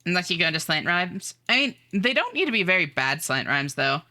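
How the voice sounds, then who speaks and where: A woman streaming live, chatting casually with viewers, reading their messages aloud and greeting them in a high sing-song voice with frequent laughs. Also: big pitch swings, fairly quick, bright, forceful tone. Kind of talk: casual chat with viewers while gaming.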